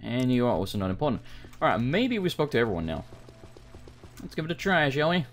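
Gamer, sarcastic and sweary, animated delivery over faint game music. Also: male voice, medium pitch, fast. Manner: sarcastic, swears, mutters to himself. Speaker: let's play gamer. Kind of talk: casual gameplay commentary, reading game dialogue aloud.

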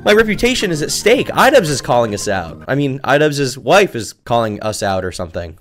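A man giving sarcastic commentary with mocking, deadpan jokes and sudden shouts. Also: medium pitch, fairly quick, faint music behind. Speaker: commentary YouTuber.

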